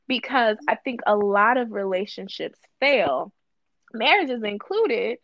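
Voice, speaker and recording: Woman guest co-host, casual podcast chat, emphatic, gravelly, dry lo-fi sound. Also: medium pitch, no echo. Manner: emphatic, repeats phrases for stress.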